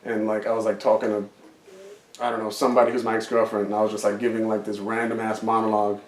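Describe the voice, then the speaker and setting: A man's voice: on the low side, completely flat delivery, fast talker, a little hiss or hum. A man, co-hosting a podcast, who tells a rambling story full of fillers and swearing. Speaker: podcast co-host. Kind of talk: casual chat. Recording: roomy, distant mic.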